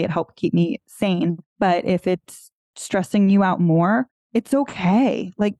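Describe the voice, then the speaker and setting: A woman's voice: on the low side, warm tone, no echo. A woman podcast host sharing a personal experience in a reassuring, open way. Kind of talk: casual conversation.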